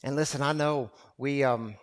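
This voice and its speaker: A man preaching a sermon to a recovery gathering, impassioned and repetitive, swinging from loud to hushed. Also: medium pitch, steady tone, moderate pace. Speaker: pastor.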